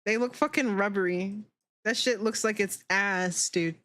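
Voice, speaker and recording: A young adult woman hosts a laid-back live stream, riffing with chat and reading out messages. She giggles often and swears freely, her voice relaxed and playful. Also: mid-range voice, measured pace. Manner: giggly, profane, reacting to chat.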